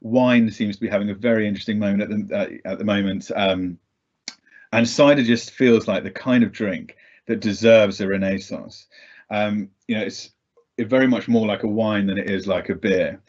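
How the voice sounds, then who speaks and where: A man's voice: fairly low pitch, steady tone, normal speed, darkish tone. A man giving a casual, chatty talk as a guest speaker over a video call, self-deprecating and full of ums. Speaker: guest speaker for a cider brand. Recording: dull lo-fi video call audio.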